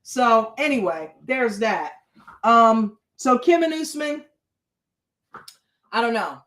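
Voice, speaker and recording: A woman's voice: fairly high pitch, expressive, slow, a bit bright, roomy sound, rough recording. A woman hosting a casual reality TV recap, blunt and chatty, swearing freely. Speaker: reaction show host.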